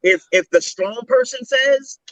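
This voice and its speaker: A man hosting an interview, talking in an animated, rambling way as he thinks aloud. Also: extremely high pitch, measured pace, no echo, rough recording. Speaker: host. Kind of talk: casual interview talk.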